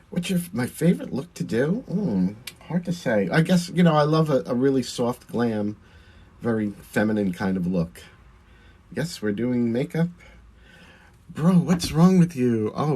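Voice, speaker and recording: A man's voice: mid-range voice, darkish tone, slightly rough. A man with a Long Island accent, a drag performer chatting through a livestream while doing his makeup, answering viewer comments and laughing often.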